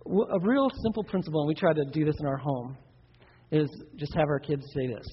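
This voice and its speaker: Animated high-voiced preacher in a hall. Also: male voice, fairly quick, husky. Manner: animated, acts out kids and parents in playful voices. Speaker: pastor. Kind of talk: sermon on parenting. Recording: dull sound with long hall reverb.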